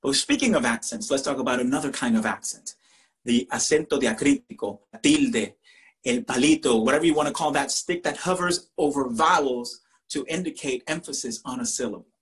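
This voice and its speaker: A Spanish-speaking teacher from Puerto Rico, with a Puerto Rican accent, tells animated personal stories and slips into voices. He speaks a little fast at a medium pitch.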